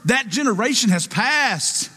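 A man's voice: very high voice, lively intonation, a little slow, pushed and bright, slightly rough, in a large hall. A man preaching a sermon, calling out to his congregation for responses in an emphatic, rousing way.

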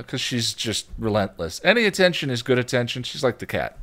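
A young man co-hosting a podcast in casual chat, telling long rambling stories. His pitch swoops all over as he talks, and he keeps breaking into squeaky toddler voices to act out his anecdotes. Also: animated, a little fast, hardly any pauses, a bit bright. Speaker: podcast co-host.

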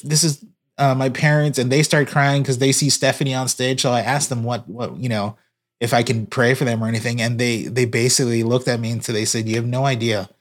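A man, a guest on a podcast, telling an earnest story about his work in church broadcasting. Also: mid-range voice. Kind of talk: casual podcast conversation.

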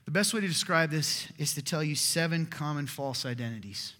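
Bright-voiced male pastor in an echoey hall. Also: fairly high pitch, lively intonation, fairly quick. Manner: conversational, keeps asking "right?". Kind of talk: sermon. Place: church hall.

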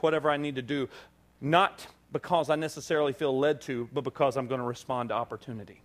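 A male pastor preaching to his congregation, telling a story with lively, acted-out dialogue. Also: medium pitch, quick pace. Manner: animated storytelling, acting out dialogue. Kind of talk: sermon. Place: church service.

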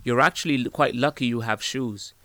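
A man voicing a sharp-tongued young woman who answers with sarcasm and brisk retorts, in a storybook reading. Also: medium pitch, no echo, close to an everyday voice. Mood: lecturing.

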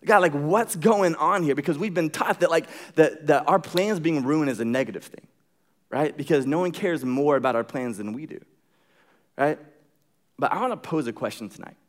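A man's voice: a little high, moderate pace. Young guy pastor telling a funny story, lots of likes, acts out the quotes. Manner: animated storyteller, acts out quotes, many fillers. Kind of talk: sermon with a personal story.

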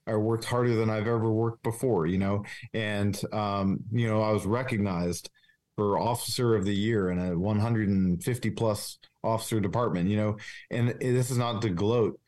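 A man with a somewhat low voice speaks as a guest in a candid interview. His delivery is earnest and confessional. He halts often, restarting phrases and leaning on fillers. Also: fairly even intonation, a little mellow. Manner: halting, with many restarts and fillers. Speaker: police officer, podcast guest.

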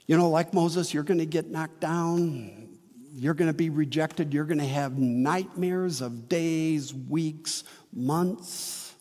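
A man preaching a sermon as a pastor, earnest and emphatic, with slow dramatic pauses. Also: fairly high pitch, a little mellow, long reverb tail.

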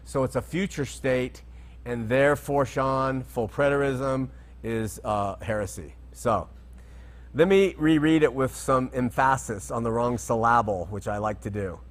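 A man's voice: medium pitch, unhurried. A man giving an unscripted Bible teaching talk, conversational and digressive, checking that listeners follow.

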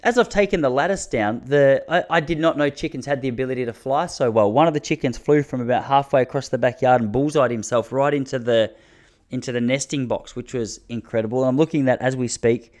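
A man's voice: medium pitch, quick pace. A man telling rambling stories to his audience from his backyard, often restarting his sentences. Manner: rambling, self-interrupting, drops to a hushed mutter when the neighbour passes. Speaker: vlogger talking to his audience. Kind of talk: casual storytelling monologue.

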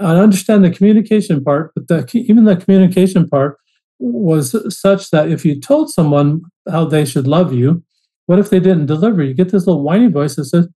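A man's voice: fairly high pitch, dark tone, poor audio. A man as a podcast guest, telling his story earnestly in a casual interview, often restarting phrases.

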